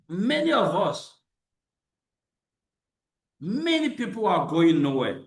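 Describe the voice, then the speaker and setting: Slow, animated man in an echoey room. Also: high-pitched. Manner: repetitive, emphatic, with restarts and rhetorical questions. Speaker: motivational speaker. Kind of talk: motivational monologue.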